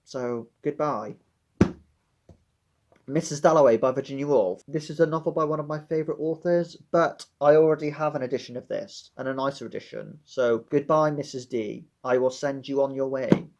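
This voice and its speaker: A man's voice: mid-range voice, normal speed, darkish tone, highs cut off. A young man vlogging about books in a dramatic, sardonic way. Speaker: book vlogger. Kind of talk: casual book vlog.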